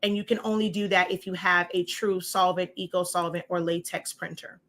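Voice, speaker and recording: Woman instructor, crisp bright voice, chatty and rambling, fillers and asides, home craft room feel. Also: on the low side, steady tone, a little fast. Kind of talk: casual show-and-tell tutorial.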